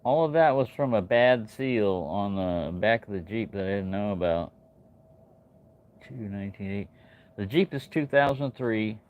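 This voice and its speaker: A man's voice: on the low side, expressive, normal speed, narrow, tinny audio. A man hosting a casual livestream, telling a long story in a rambling way, with many fillers and restarts. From New Mexico. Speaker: channel host. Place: home in Texas.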